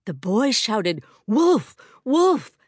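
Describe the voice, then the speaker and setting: A school librarian reads a fable to a room of children in a lively, sing-song storybook voice, voiced by a woman. She colors every line with swooping pitch. The sound is close and dry. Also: a little slow, dry recording. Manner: expressive, dramatic storytelling. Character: warm school librarian reading a fable aloud. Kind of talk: reading a story aloud to children.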